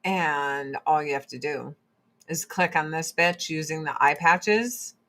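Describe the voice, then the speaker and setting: A woman in her forties hosts a relaxed livestream from home. She talks slowly and unhurriedly, easily drifting between blunt, profane opinions and product pitches. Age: 40s. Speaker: livestream host and Avon seller. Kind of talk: casual livestream chat.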